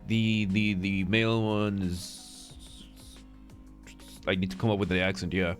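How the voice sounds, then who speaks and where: Swearing streamer testing out voices. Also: male voice, low-pitched, steady tone, a little slow. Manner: swears often, thinks aloud, tries out voices. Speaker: streamer reading a game aloud. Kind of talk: casual live-stream commentary. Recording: music playing behind.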